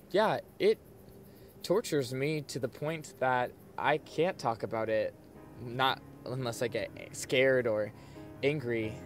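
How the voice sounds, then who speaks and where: A man's voice: mid-range voice, close to an everyday voice. A man delivering an earnest, emotional love confession in a drama. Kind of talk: heartfelt dramatic monologue. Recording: music behind the voice.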